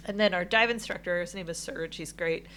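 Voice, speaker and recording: A woman co-hosting a podcast, telling a travel story in casual chat, animated and laughing often. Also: lowish voice, fairly quick, slight background noise. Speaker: podcast co-host.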